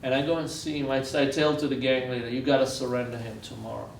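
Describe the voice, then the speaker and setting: Recorded from far away in a university lecture room, an Israeli man delivers a guest lecture built on earnest stories and repeated phrases for weight. His medium-pitched voice is level and creaky and moves at a quick pace, with reverberation and slight background noise.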